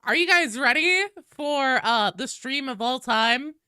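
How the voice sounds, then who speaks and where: A woman streaming live while sick with a cold, chatting casually and shouting loud, profane greetings to her viewers. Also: sits high, expressive, measured pace, clear, resonant tone, no echo, clean studio sound.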